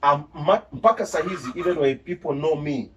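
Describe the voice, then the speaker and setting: A man with a Kenyan accent, a journalist guest chatting casually and telling animated stories, slipping between English and Swahili. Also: on the high side, fairly quick, distant mic, muffled recording, a little hiss or hum. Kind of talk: casual interview chat.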